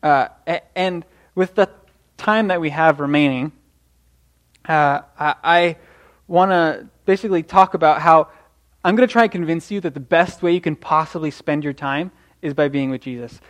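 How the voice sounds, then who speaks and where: A young man delivers a sermon with earnest encouragement. His voice sits a little high for a man, and he often stumbles and restarts his phrases as he talks. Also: normal speed. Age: young adult. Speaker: preacher.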